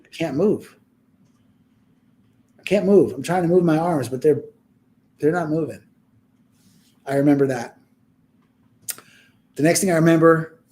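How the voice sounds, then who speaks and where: A man's voice: mid-range voice, mellow. A young man telling a personal story in a casual podcast chat, rambling and heartfelt, acting out the people he quotes.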